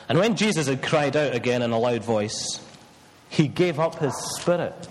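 Preacher in a reverberant church. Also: male voice, medium pitch. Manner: measured reading, then hesitant with fillers. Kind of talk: scripture reading and sermon.

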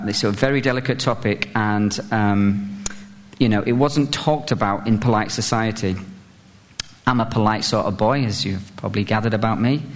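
This sermon comes from a British man with a lowish voice and a big-room sound. He's funny and chatty, mocks himself, leans on fillers, and works up to fervent emphasis.

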